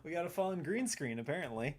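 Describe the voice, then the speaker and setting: A man's voice: fairly high pitch, very animated, quick pace, a little hiss or hum. A man in his thirties hosting a livestream, rambling casually and answering viewers' questions. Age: 30s. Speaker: livestream host. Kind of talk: casual chat on a gaming livestream.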